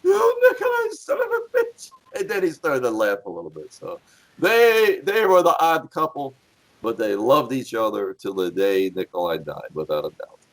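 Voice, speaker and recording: A man's voice: lowish voice, moderate pace. A middle-aged man, a former police officer, telling blunt, profane stories as a podcast guest. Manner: animated storyteller, blunt and profane. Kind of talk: casual podcast storytelling.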